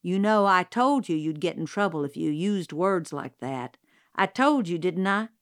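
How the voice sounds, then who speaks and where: A woman voicing a firm, measured middle-aged uncle in an audiobook. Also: lowish voice, lively intonation, dry recording, studio quality. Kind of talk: audiobook character voice.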